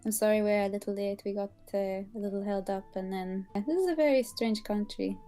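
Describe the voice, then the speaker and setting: A woman speaking in character as a player in a tabletop game, slow and hesitant. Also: mid-range voice, dark tone, soft background music. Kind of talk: in-character tabletop role-play.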